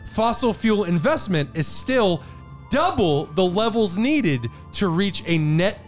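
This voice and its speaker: High-voiced, animated male podcast host. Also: slow, faint music behind. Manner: laughs often, reads news items then riffs. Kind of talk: casual news-discussion banter.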